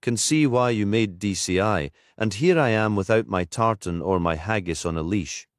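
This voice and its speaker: A man's voice: fairly low pitch, normal speed, dry recording, lightly acted. A man doing a dry-witted Scottish woman detective. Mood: teasing. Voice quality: rich, musical. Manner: dry, teasing. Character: sharp-tongued Scottish female detective inspector in her fifties. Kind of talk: audiobook character voice.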